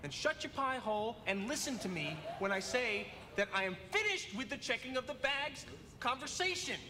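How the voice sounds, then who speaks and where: A ranting angry passenger. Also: male voice, extremely high pitch, very animated, moderate pace, noisy background. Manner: combative, ranting, sarcastic. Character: belligerent male passenger refusing to check bag. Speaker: angry airline passenger in a film clip.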